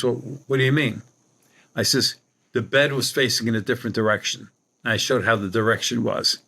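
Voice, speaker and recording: Bright-voiced man telling a story. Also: medium pitch. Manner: animated anecdote-telling with quoted dialogue. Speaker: guest medium and paranormal investigator. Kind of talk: storytelling in a podcast interview.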